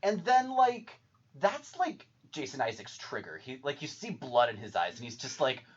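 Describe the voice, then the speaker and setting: A man with a husky voice talks about a film with lively, swooping pitch, exasperated and playful as he acts out moments. The recording sounds dull and lo-fi. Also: moderate pace. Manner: animated, exasperated, acts out scenes. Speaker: podcast co-host. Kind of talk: casual movie-review chat. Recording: dull lo-fi podcast audio.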